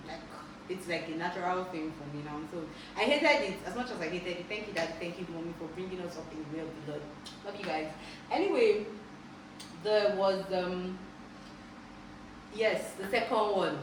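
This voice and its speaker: A young Nigerian woman with a fairly low speaking voice, recorded far from the mic in a very echoey room with a steady background noise. She tells stories casually, laughs often and jumps into high, excited exclamations. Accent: Nigerian English. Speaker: vlogger. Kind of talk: casual storytelling.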